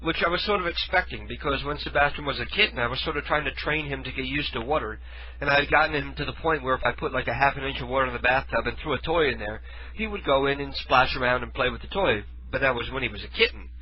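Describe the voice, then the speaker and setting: Husky-voiced man rambling on radio. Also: mid-range voice, quick pace, muffled recording. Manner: rambling, self-correcting. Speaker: radio show host. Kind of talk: casual storytelling with running commentary.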